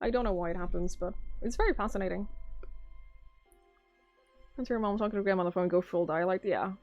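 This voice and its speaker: A woman's voice: medium pitch, brisk, lo-fi sound, soft background music. Chatty Norwegian woman streaming. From Norway. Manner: chatty, musing aloud, swears casually, reads chat aloud. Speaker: game streamer. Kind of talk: casual live-stream chat.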